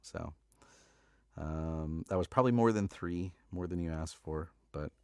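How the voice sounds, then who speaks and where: Casual male host with a low voice and a dry, close sound. Relaxed, rambling, filler-heavy live-stream chat. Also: a little slow, gravelly, clean tone, no echo. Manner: laid-back and chatty, many fillers and laughs, says "dude".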